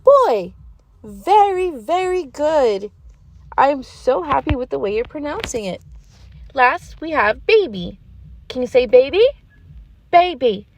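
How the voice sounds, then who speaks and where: A woman voicing a gentle, patient gazelle schoolteacher who leads a preschool letter lesson in a sing-song, encouraging way and praises often. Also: high-pitched, sing-song, takes it slowly, pauses often, exaggerated voice. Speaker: preschool teacher.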